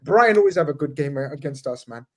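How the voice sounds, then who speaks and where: A man's voice: on the high side, expressive, quick pace. Laid-back man talking football. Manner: laid-back, says "man" and "you know what I mean" a lot. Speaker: podcast panelist, football fan. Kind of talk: casual football podcast banter.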